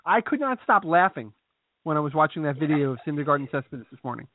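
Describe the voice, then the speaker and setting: A man co-hosting a casual sports podcast, talking his opinions through in a measured way with frequent restarts. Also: a little high, very animated, no room sound. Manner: measured, reasoning, repeats starts. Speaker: podcast co-host. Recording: dry tinny phone-like sound.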